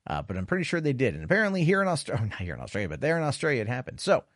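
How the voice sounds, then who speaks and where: A man hosting a casual livestream news show, sarcastic and rambling. He repeats himself, swears, and swings his pitch widely. The close, dry mic leaves no room sound. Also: wildly swooping pitch, racing, no echo. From United States. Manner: rambling, repetitive, profane, sarcastic. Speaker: livestream host reading chat.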